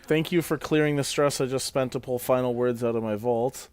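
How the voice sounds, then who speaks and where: A man playing a tabletop game, describing his actions in an unhurried, soft-spoken way. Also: medium pitch, steady tone, clear, resonant tone, no room sound. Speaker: player.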